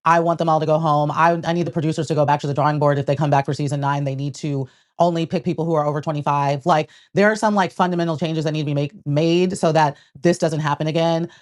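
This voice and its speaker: A woman's voice: deep voice, steady tone, fast talker. A woman co-hosting a casual reality TV recap, opinionated, with slangy asides. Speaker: podcast co-host.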